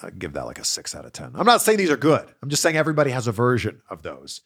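Lively chatty man answering fan questions. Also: mid-range voice, fast talker, breathy edge. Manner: lively, laughs often, chatty storytelling. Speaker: host of a wrestling Q&A show.

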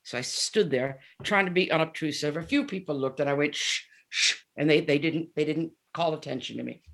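Her voice sits low and she speaks a little quickly. She's a guest musician in her seventies, frankly and animatedly telling stories in a casual interview and acting out others' words.

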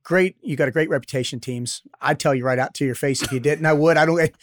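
A man's voice: on the high side, fast, no room sound, clean studio sound. A man hosting a podcast interview, blunt and enthusiastic, with casual profanity. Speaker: podcast host, former SEAL.

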